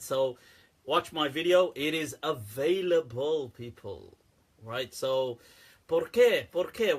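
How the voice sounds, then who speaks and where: Laughing, teasing man with a husky voice. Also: fairly high pitch, fairly bright tone. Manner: laughs a lot, joking and teasing. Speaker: host of a live Islamic Q&A show. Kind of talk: casual live-stream chat.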